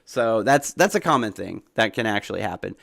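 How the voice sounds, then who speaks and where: A man with a softened Southern US accent, chatting casually on a livestream, rambling with lots of fillers and sudden excited jumps in pitch. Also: fairly quick, vocal fry, no echo, studio quality. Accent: Southern US, softened toward neutral American. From Southern United States. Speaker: streamer answering chat.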